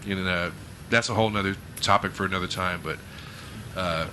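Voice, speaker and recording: A man co-hosting a casual podcast, telling a long profane story and acting out shouted trash talk. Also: low voice, fairly even intonation, a little fast, noisy background. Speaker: podcast co-host. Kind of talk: casual chat, animated storytelling.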